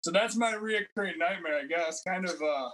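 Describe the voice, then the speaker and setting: A man in his thirties talks casually as a podcast guest, with a fairly high voice and a faint hiss behind him. He rambles through his stories and acts out quoted lines in a raised voice. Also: moderate pace, a bit bright, poor audio. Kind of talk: casual chat.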